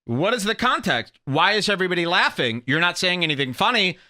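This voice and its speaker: A man's voice: high voice, very animated, a little fast, bright, forceful tone. A man hosting a podcast, giving heated, sarcastic commentary over clips and arguing his point indignantly. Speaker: podcast host.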